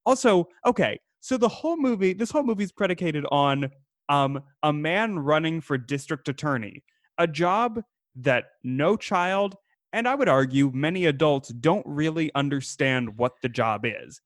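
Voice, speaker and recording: A man co-hosting a casual podcast about an old film, rambling and animated, laughing as he talks. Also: a little high, normal speed, no echo, clean studio sound. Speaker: podcast co-host.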